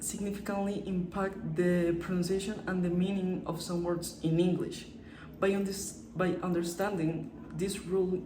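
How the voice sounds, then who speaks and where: A woman's voice: fairly low pitch, background noise. A young woman from Colombia, a native Spanish speaker with a Colombian accent, presenting a class lesson in English and often restarting her words. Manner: halting, frequent restarts on words. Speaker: student presenter. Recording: echoey room.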